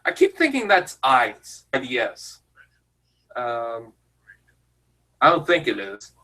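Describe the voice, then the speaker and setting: A man's voice: medium pitch, wildly swooping pitch, slow, bright, forceful tone, rough recording. A man giving casual, jokey commentary over a fan film, rambling and self-deprecating. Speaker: YouTube commentator.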